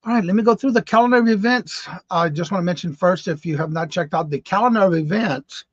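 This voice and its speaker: High-voiced man greeting his chat. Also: fast, dry recording, lo-fi sound. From Massachusetts. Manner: greets chat viewers one by one in a repeated sing-song welcome. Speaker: live-stream host. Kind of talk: casual morning live-stream chat.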